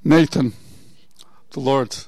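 A man preaching a sermon, telling a Bible story with asides and rhetorical questions, moving from low murmurs to loud exhortation. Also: slow pace, dry recording. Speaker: pastor.

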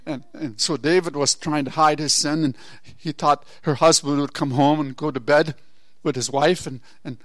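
A man preaching a sermon, telling a Bible story with asides and rhetorical questions, moving from low murmurs to loud exhortation. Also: steady tone, moderate pace, no echo. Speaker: pastor.

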